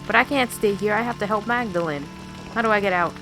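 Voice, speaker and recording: A woman's voice: medium pitch, fast, natural voice, low-quality recording. A woman reading the lines of an anxious, haunted male artist in a story game, over game music. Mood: pleading.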